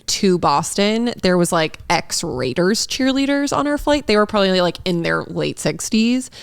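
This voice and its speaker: A young woman from Massachusetts tells a gossipy story on a podcast, her voice sitting lower than most. She peppers every sentence with "like" in casual chat. The recording is close and dry. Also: sing-song, normal speed, gravelly, clear, resonant tone, no room sound. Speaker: podcast co-host.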